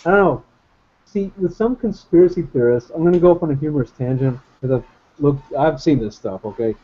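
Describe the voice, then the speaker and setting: Guy rambling in a bible study call, kinda high voice, muffled audio. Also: fairly quick, breathy edge. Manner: rambling, hesitant, good-humored. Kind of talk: casual group discussion.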